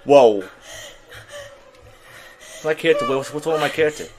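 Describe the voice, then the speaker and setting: A young man playing a horror game demo and talking through it, jittery and swearing, yelling when startled. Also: on the high side, normal speed. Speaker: gaming YouTuber. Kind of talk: horror game let's play commentary.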